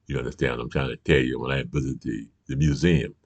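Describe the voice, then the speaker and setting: A man's voice: very deep voice, fairly even intonation, fast, a little mellow, dry recording, dull audio. An older man hosting his own show, in a heated, profane political rant, often asking if you understand. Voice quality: gravelly. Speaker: show host. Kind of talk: ranting political monologue.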